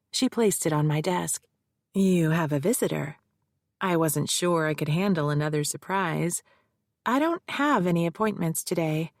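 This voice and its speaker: A woman reads a first-person mystery audiobook in a measured, steady way. Her voice sits low with a gravelly texture. The recording is dry and close. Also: dry recording. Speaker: audiobook narrator.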